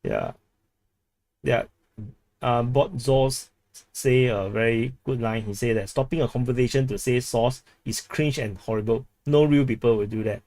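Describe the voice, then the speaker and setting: A man's voice: medium pitch, a little slow, a little mellow, dry recording. Singaporean man, live stream host, casual and chatty with viewers, repeats himself, dry close sound. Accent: Singaporean English. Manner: chatty, repeats words, laughs often. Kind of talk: casual live stream chat reading comments.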